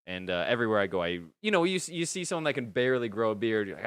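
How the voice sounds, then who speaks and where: Dude rambling earnestly on a podcast, laughs a lot, dry close mic. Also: male voice, lowish voice, big pitch swings, rapid-fire, fairly bright tone, smooth, no room sound. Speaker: podcast host. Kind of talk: casual chat.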